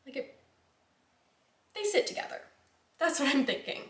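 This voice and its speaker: A young woman hosts her knitting vlog in a loose, chatty way, trailing off and circling back with plenty of likes and ums. Her voice sits a little high, and the room around her rings with a noticeable echo. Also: animated, moderate pace, fairly bright tone. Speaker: knitting podcast host. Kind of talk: casual chat. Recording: echoey room.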